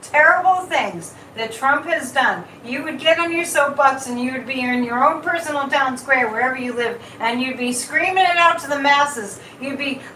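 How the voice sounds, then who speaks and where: A woman hosting a casual live stream as a psychic, talking in an animated way, repeating words and reading viewer comments. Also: high-pitched, normal speed, hardly any pauses, slight background noise. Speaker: psychic livestream host. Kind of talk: casual livestream chat. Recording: echoey room, mic at a distance.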